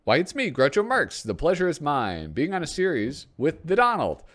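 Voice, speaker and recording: Brief: a man doing a sardonic old comic, punchy and loud, voice lifted. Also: on the high side, huge pitch swings, moderate pace, voice pushed up. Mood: wisecracking. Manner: wisecracking, punchy delivery. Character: wisecracking old male comedian, sardonic and quick.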